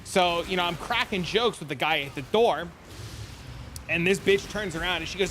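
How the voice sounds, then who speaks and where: A young man with a New Jersey accent, a streamer telling a story to his chat in a casual, profane, animated way. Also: normal speed, over music. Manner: animated, profane, gets loud and high when retelling arguments.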